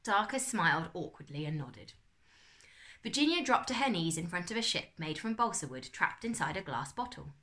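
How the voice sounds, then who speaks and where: A woman teacher, reading a class story aloud with expressive storytelling. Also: on the low side, moderate pace.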